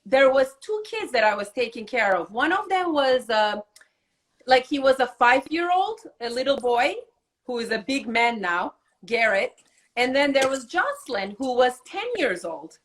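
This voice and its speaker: Bright, lively woman telling a story. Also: high-pitched, normal speed. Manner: animated, laughs often. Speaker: podcast guest. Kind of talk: casual storytelling.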